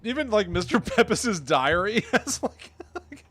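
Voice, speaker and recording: Lively joking podcast co-host. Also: mid-range voice, unhurried, a little hiss or hum. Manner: joking, teasing, laughs a lot. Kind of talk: casual podcast chat.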